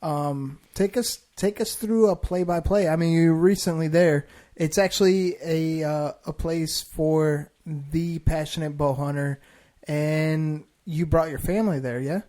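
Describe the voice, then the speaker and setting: A man hosting a podcast interview, chatting casually and interjecting quickly. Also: a little high, steady tone, mellow. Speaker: podcast host.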